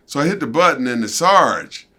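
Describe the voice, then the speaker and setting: An older man, a former wrestler, telling a story as an interview guest in a casual, animated way and acting out what others said. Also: fairly high pitch, normal speed. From United States. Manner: animated, acts out quoted voices.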